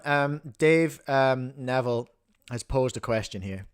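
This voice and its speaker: A man's voice: medium pitch, measured pace, smooth. A man hosting a livestream in a casual, rambling, jokey way, chewing a snack as he talks. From New Zealand. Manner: rambling, self-interrupting, jokey. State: chewing while talking. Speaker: livestream host.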